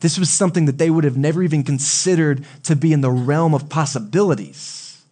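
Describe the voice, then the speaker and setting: A male pastor preaching a sermon in a relaxed, conversational way, often asking the congregation questions. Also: a little high, a little fast. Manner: conversational, asks the audience questions.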